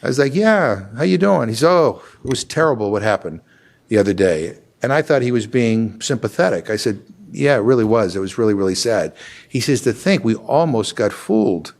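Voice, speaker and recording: An older man, a congressman, talking casually with frequent restarts and fillers, growing animated as he tells a story. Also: medium pitch, fairly quick, creaky. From Massachusetts. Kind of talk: casual conversational talk.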